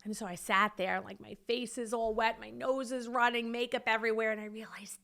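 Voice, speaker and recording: A middle-aged woman hosting a podcast, telling a personal story in a lively, animated way, laughing now and then and acting out quotes with big jumps in pitch. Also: fairly quick, creaky, hardly any pauses. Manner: laughs while telling, many "like" and "you know". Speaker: podcast host.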